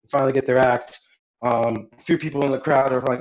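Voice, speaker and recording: A man's voice: medium pitch, fairly even intonation, fast, highs cut off. A man narrating a tabletop game as game master, loose and rambling with lots of fillers.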